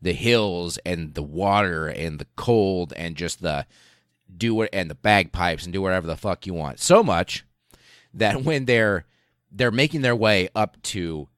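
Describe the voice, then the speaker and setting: A man with a very low voice tells a history story on his podcast, rambling, swearing freely and filling gaps with ums. The sound is dry and close, with no room around it. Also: lively intonation, unhurried, fairly bright tone, clear, resonant tone, no room sound. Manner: profane, rambling, with laughs and many fillers. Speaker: podcast host.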